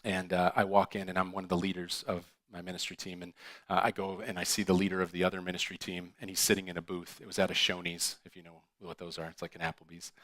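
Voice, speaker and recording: A male pastor telling a personal story in a sermon, animated and acting out the dialogue with laughs. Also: low-pitched, fast, no echo. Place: church.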